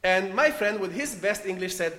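A man from Romania with a Romanian accent, preaching a sermon and telling a story in short, deliberate phrases with non-native phrasing. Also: sits high, lively intonation, bright, forceful tone. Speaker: preacher leading a meditation. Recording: echoey hall with long reverb.

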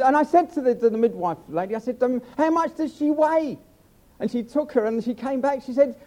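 Older preacher, lively high voice. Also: male voice. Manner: chatty, self-mocking storyteller. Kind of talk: humorous sermon.

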